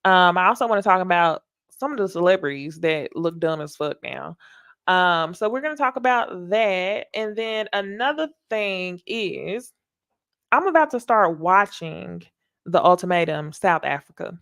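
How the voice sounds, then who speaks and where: A woman's voice: fairly low pitch, animated, unhurried, a bit bright, no room sound, studio quality. A woman with a Southern American accent hosting a casual, candid recap talk show, chatty and emphatic. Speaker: host.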